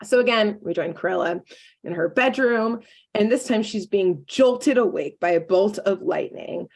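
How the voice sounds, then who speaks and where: A woman co-hosting a podcast, retelling a cartoon episode in a casual, animated way and acting out the characters' lines with plenty of "like". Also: medium pitch, unhurried, vocal fry. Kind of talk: casual chat.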